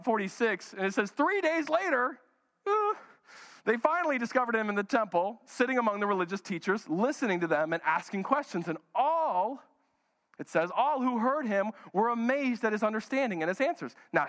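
A man's voice: high voice, sing-song, moderate pace, a bit bright, in a large hall. A man preaching a sermon with humor, acting out Bible characters in playful voices. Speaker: pastor. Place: church hall.

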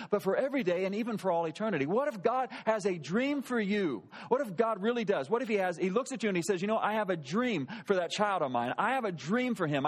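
A pastor in his thirties telling a personal story in a relaxed, conversational sermon and asking his listeners questions. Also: high voice.

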